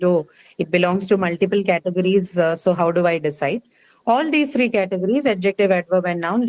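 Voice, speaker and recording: A woman's voice: lowish voice, darkish tone, low-quality recording. A woman teaching a class, explaining patiently with many fillers and checking questions. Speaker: English teacher. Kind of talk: live class lecture on word stress.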